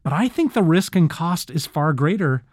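A man hosting a leadership podcast, talking in an animated way and acting out little quotes. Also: on the high side, moderate pace, no echo, studio quality. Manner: animated, acts out quotes, laughs easily. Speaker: podcast host.

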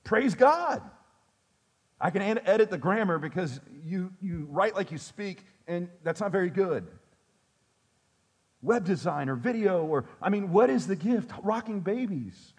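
A man's voice: high voice, animated, moderate pace, husky. A male pastor preaching a sermon in a conversational way, with joking asides to his congregation.

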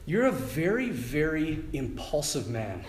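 A man quoting a patient divine figure speaking in prayer. The voice drops quiet and unhurried with a dry, gentle humor. It carries the echo of the hall around it. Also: a little high, very animated. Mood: gently firm.

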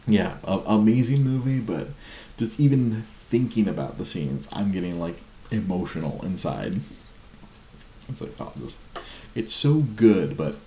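A man's voice: sits low, mellow, roomy sound, slight background noise. A man in his forties chatting casually at home at night, laughing a lot and mocking himself. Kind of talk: casual chat.

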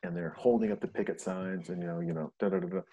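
Animated middle-aged man, dark voice. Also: low-pitched, quick pace. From Montana. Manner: animated storyteller, acts out quotes. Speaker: podcast host. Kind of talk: casual chat.

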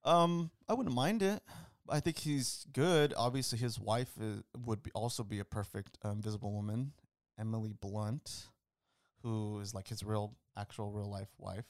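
A man's voice: on the low side, steady tone, normal speed, no room sound, clean studio sound. A man co-hosting a casual podcast chat, rambling through confident opinions. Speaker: podcast co-host.

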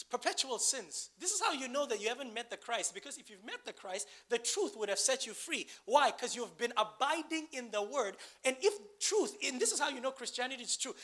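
A man's voice: very high-pitched, lively intonation, moderate pace, pushed and bright. A man preaching a sermon, asking the congregation questions and building to emphatic bursts.

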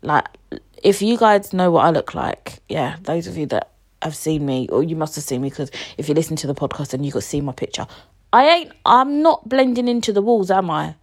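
A woman's voice: low-pitched, a little fast. A woman, a podcast host telling a story in casual, slangy talk and acting out what people said. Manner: animated, slangy, acts out conversations.

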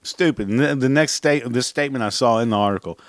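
A man hosting his own podcast, venting in a loose, profanity-laced rant and chuckling at his own punchlines. His voice sits at an ordinary middle pitch. The sound is close and dry, with no room around it. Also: fast, no room sound. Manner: profane, blunt, laughs at his own jokes. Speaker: podcast host. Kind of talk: casual solo rant.

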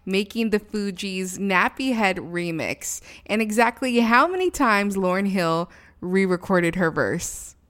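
A woman's voice: mid-range voice, lively intonation, a little slow, a bit bright. A woman announcing the next episode in a scripted promo read. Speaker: show announcer.

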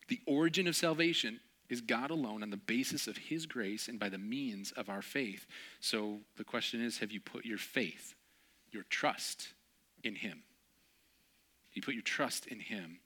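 A man's voice: medium pitch, sharp tone. A man preaching a sermon in a conversational way, telling personal stories and acting out the voices of the people in them. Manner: conversational, acts out friends' voices in stories, laughs often. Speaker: pastor.

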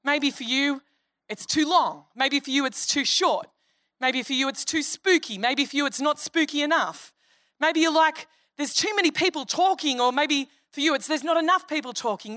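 A middle-aged woman with an Australian accent preaches a sermon, chatty and funny, slipping into little voices for the people she quotes. Her voice sits high and sounds crisp and forceful. The sound is close and dry, with no room echo. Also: normal speed. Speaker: pastor.

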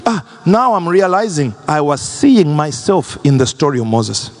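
A man preaching a sermon as pastor, impassioned and swinging between high and low registers. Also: animated, moderate pace, hardly any pauses. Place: large church hall. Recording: long church reverb.

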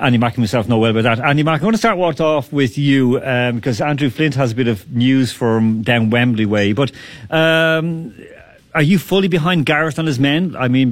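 A man hosting a casual sports chat, brisk and quick to laugh as he steers the talk. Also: mid-range voice, dry recording. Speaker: host.

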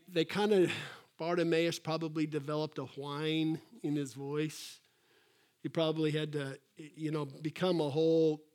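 A man preaching with an animated delivery and a slightly high-pitched voice. He acts out quotes in a raised voice, then drops to soft, quiet asides. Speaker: pastor. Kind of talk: sermon.

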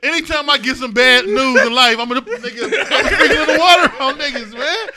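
A man's voice: extremely high pitch, brisk, crowd noise. A man from the US Midwest co-hosting a podcast, telling stories in casual banter. He swears a lot and keeps laughing. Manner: animated, profane storyteller who laughs a lot. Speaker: podcast co-host.

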